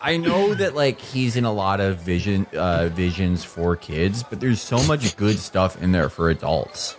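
A man playing a tabletop game, making quick excitable asides. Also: low voice. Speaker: player.

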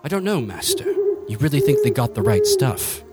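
A man's voice: medium pitch, wildly swooping pitch, a little fast, loud music behind the voice. Man doing a doubtful talking owl.

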